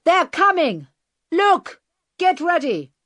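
A man's voice: very high-pitched, moderate pace, fairly bright tone, no echo, voice pushed up. A woman doing a barking bearded hijacker. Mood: urgent. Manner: barks urgent orders. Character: tense, commanding bearded male hijacker.

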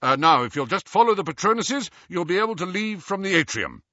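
A man's voice: sits high, sing-song, brisk, pushed and bright, dry recording, dull audio, voice pushed up, full character voice. A man doing a commanding young wizard. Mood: urgent. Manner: commanding, urgent. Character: young wizard posing as an imposing official.

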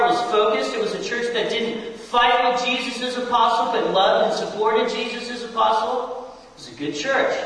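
A man's voice: very high-pitched, fairly bright tone. A man pastor preaching a sermon, talking straight to the congregation and asking them questions. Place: church hall. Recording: echoey hall, distant mic.

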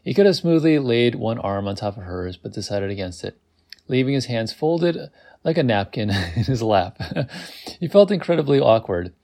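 Gravelly man reading a story aloud. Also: medium pitch, big pitch swings, moderate pace, a little mellow. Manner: amused, breaks off to laugh and comment on the text. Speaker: reader.

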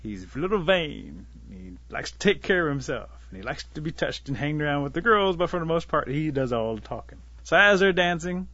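A man's voice: a little high, big pitch swings, pushed and bright, no room sound, highs cut off. Man telling an animal folktale. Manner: unhurried folksy telling, voices the animals lightly. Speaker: storyteller. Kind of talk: oral storytelling of a traditional tale.

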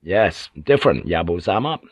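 A man doing a weary, halting sea pilot. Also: sits low, big pitch swings, breathy edge, dry recording, full character voice. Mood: careful. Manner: slow, halting and apologetic. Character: weary, guarded seafaring male pilot.

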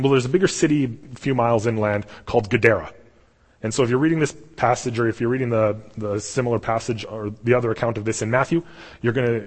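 A young man preaching a sermon in a casual, animated storytelling way. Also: mid-range voice. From Canada. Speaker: pastor. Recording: long hall reverb.

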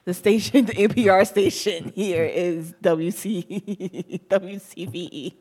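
A young woman with a Southern US accent and a slight lisp, chatting casually as a podcast host, animated and laughing often. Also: fairly low pitch, slow pace. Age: young adult.

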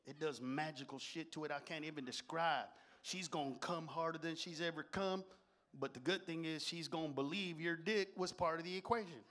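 A man voicing a blunt woman who gives crude advice in a hushed, confiding way. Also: a little high, fairly quick, close to an everyday voice.

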